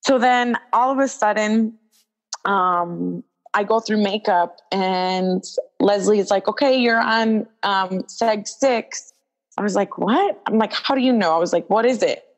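A young woman talks through a backstage story as an interview guest. She is lively and casual and slips into the voices of the people she quotes. Her "like" fillers run all through it, and her pitch sits mid-range for a woman. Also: a little slow, rough recording. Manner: animated, acts out quoted dialogue, many "like" fillers. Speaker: guest, wrestler.

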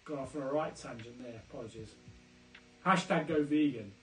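A man's voice: medium pitch, moderate pace, roomy sound, a little hiss or hum. A man hosting a live online pub quiz, chatty and jokey, often going off on tangents. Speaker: quiz host.

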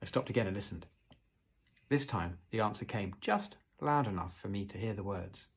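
A man reading a children's book aloud, with hushed, suspenseful narration and casual asides to show pictures. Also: on the low side, lively intonation, moderate pace, husky. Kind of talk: storybook read-aloud narration.

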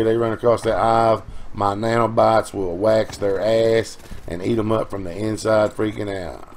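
A man's voice: on the low side, a little mellow, slight background noise. Tired, folksy gamer man. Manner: rambling, folksy and profane, with quick outbursts. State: tired from no sleep. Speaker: gaming channel host. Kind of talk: gameplay commentary voice-over.

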